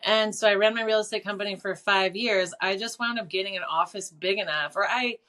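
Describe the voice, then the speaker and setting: A woman's voice: medium pitch, fairly quick. Candid storytelling woman, casual swearing. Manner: animated, casual, swears freely, lots of fillers. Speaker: clairvoyant and teacher, guest.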